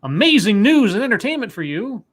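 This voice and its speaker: A man's voice: high-pitched, brisk. A man hosting a casual online talk show, greeting listeners and chatting in an upbeat way. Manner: upbeat, animated host banter. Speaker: podcast host. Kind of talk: casual chat.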